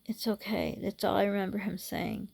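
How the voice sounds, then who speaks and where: A middle-aged woman vlogging a personal memory in a halting way, with frequent restarts and fillers. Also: medium pitch, flat delivery, vocal fry, darkish tone. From United States. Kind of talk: personal storytelling vlog.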